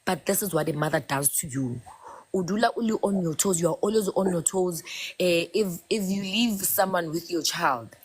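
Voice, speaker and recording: A woman, talking in a casual, expressive way on a live chat show and mixing local words into English. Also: lowish voice, slightly rough.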